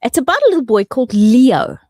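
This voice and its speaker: Lady radio host, playful, lively up-and-down voice, dry studio sound. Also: a little high, quick pace, dry recording. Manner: playful, animated, affectionate. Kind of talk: casual radio chat.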